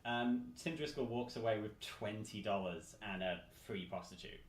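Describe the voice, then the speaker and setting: A man, chatting casually as a podcast host, animated and swearing as he acts out quotes. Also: on the low side, normal speed. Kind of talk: casual chat. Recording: roomy echo, faint room noise.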